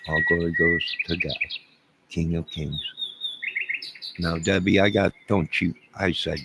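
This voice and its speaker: Rambling and joking as he responds to chat, a middle-aged livestream host speaks low with fairly even intonation, vocal fry, a measured pace, and long pauses. Loud birdsong sits behind his voice in the noisy background.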